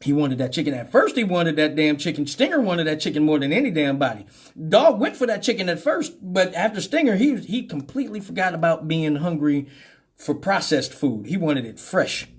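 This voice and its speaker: A middle-aged man tells a wild story on his radio show, his voice high and bouncing all over the place. He swears freely and keeps breaking into laughter. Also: brisk, breathy edge. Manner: animated, profane, laughing often. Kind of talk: comic storytelling.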